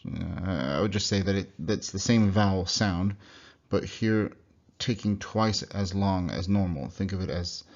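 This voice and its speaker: A young man giving a recorded slide lesson, explaining sounds and repeating example words slowly. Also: deep voice. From United States. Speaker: language teacher. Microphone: computer mic. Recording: dull lo-fi computer recording.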